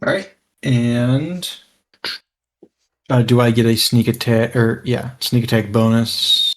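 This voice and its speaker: A man's voice: medium pitch, slow pace. Hesitant man playing a tabletop game. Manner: hesitant, checking rules. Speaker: player.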